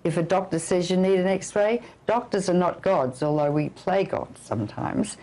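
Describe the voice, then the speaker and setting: A woman's voice: on the low side, normal speed, hardly any pauses, warm tone, low-quality recording. An older woman physician giving an interview, talking emphatically and issuing blunt warnings. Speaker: physician and anti-nuclear campaigner. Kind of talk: interview guest.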